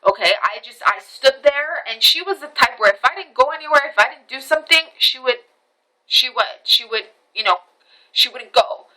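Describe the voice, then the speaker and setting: A woman's voice: sits high, expressive, normal speed, bright, forceful tone, low-quality recording. A woman recording a casual storytelling vlog on her camera phone, recounting events animatedly with many restarts, repetitions and swearing. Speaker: vlogger.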